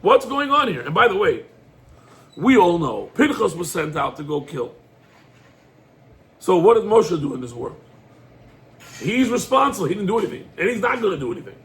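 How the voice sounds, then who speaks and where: A man, a rabbi, giving a lively Torah class in sprinkled quotes. He acts out the dialogue and fires off rhetorical questions. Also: high voice, normal speed, long pauses.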